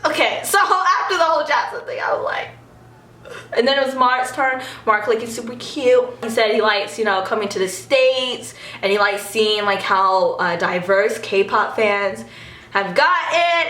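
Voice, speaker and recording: A young woman excitedly telling a story in a vlog, giggling and acting out what people said. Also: a little high, reverberant, distant mic. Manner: gushing, giggly, acts out quotes.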